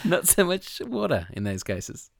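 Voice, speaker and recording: A man's voice: a little high, wildly swooping pitch, a little slow, gravelly, no room sound, studio quality. A man in his thirties with an Australian accent, co-hosting a podcast in a joking, laid-back way. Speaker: podcast co-host. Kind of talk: casual chat.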